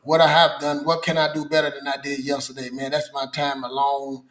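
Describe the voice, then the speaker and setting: A man's voice: medium pitch, monotone, fairly quick, fairly bright tone. A man co-hosting a podcast in an easygoing chat, often tagging his sentences with filler phrases. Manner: easygoing, keeps saying "man" and "you know what I'm saying". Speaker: podcast co-host. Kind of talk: casual chat.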